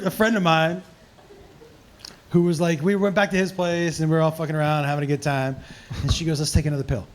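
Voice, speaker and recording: A male comedian telling profane stories at a live Q&A, animated and laughing often. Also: fairly high pitch. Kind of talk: storytelling in a live Q&A.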